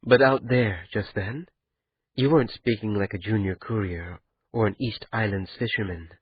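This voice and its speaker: A man reading an audiobook, voicing a calm, wry young pregnant woman speaking softly and teasingly to her lover. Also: fairly low pitch, normal speed, breathy edge, no echo, highs cut off. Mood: hushed.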